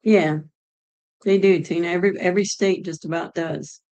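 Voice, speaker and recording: Middle-aged woman from Ohio, casual streamer, rambling chat, low-pitched. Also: fairly even intonation, moderate pace, a little mellow, low-quality recording. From Ohio, United States. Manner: chatty, rambling, answers chat aloud. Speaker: streamer chatting with viewers.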